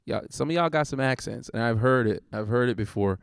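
A man with a gravelly, fry-heavy voice chimes into a relaxed conversation with offhand, joking remarks. His pitch sits in an ordinary middle range. The recording is dry and close. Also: brisk, no echo. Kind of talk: casual chat.

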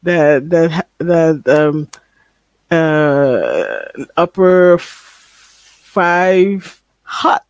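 High-voiced laid-back male podcaster. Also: sing-song, extremely slow, dry recording. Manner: laid-back slang, laughs often. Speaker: podcast co-host. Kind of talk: casual chat about an anime.

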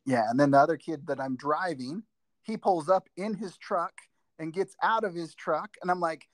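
A man who teaches driver's ed, chatting casually on a podcast and telling rambling, animated stories with many restarts. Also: fairly high pitch, normal speed, dry recording. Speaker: driver's ed instructor and school teacher. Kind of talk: casual podcast chat, storytelling.

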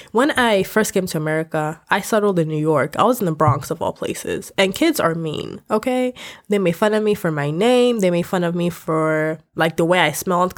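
Candid woman ranting on her podcast. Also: fairly low pitch. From West Africa. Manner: animated, candid and ranting, with frequent laughs. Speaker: podcast host. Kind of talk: casual podcast rant. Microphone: podcast microphone.

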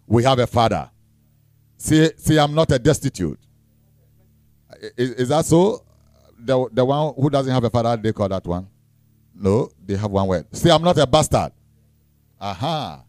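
A man preaching a sermon, leading the congregation in call-and-response with shouted, sing-song emphasis and frequent repetition. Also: mid-range voice, lively intonation, a little slow, pauses often, dry recording, clean studio sound. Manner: repeats words and restarts.

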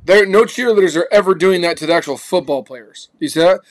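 A man's voice: high-pitched, fairly quick. A man hosting a podcast, giving an emphatic, slangy motivational talk. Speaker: podcast host.

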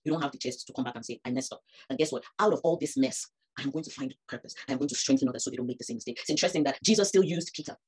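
A woman's voice: very deep voice, racing, slightly rough. A woman, preaching a sermon that rises to emphatic peaks. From Nigeria. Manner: animated, rising to emphatic peaks.

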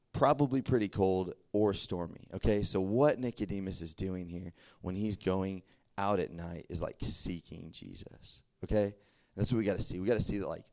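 A young man giving a casual, chatty sermon, full of fillers and quick asides to his listeners. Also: lowish voice. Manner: chatty and animated, full of "like" and "okay?". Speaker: preacher. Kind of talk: casual sermon to a youth group.

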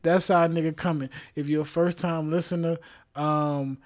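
A man's voice: on the high side, little pitch movement, moderate pace. A man hosting his own podcast, talking loosely and jokingly in a casual monologue full of slang, swearing and asides to the listener. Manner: frequent laughs and check-in asides. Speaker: podcast host.

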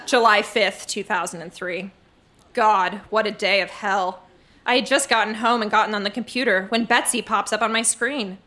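Bright-voiced woman reading a diary on stage. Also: mid-range voice, steady tone, normal speed, a little hiss or hum. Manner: dramatic, gushing delivery with comic timing. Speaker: live show reader. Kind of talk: reading teenage diary aloud to a live audience. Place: stage before a laughing audience.

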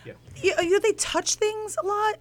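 A woman's voice: very high-pitched, fairly even intonation, moderate pace, no echo. Female comic guest, wry chatter, dry close sound. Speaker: comedian guest. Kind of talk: casual chat.

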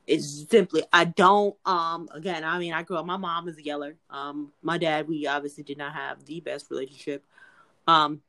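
A woman's voice: deep voice, fairly even intonation, normal speed, sharp tone. A young adult woman co-hosting a podcast in casual chat, talking earnestly and repeating her pleas. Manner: earnest, pleading, repeats herself. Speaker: podcast co-host.

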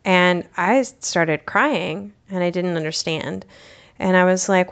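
Low gravelly-voiced woman telling a personal story. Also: steady tone, unhurried. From United States. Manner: reflective, candid, with casual fillers. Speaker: podcast host.

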